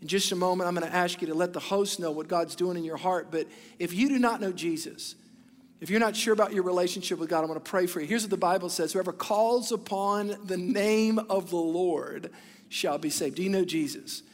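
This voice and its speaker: A man preaching as pastor, fervent and rising to shouts, repeating short declarations. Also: high-pitched, brisk, long reverb tail. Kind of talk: sermon.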